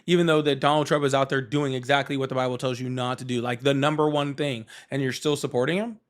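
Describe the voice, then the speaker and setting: A man hosting a live political call-in show, pressing a caller hard with quick arguments while trying not to sound harsh. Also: mid-range voice, fairly even intonation. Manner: pressing, argumentative, apologetic about roasting.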